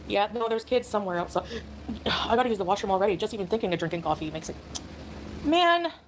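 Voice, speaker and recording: A woman streaming live, chatting casually and ranting with animated disdain. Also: mid-range voice, fast talker, a little hiss or hum, poor audio. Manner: animated, ranting, laughing at others. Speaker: streamer in a clip being watched.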